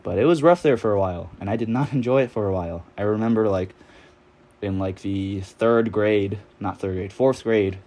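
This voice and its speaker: A man's voice: lowish voice, moderate pace, darkish tone. A man in his twenties from New York, telling a story in a rambling, casual way, full of fillers and swearing while he plays a game. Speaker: vlogger.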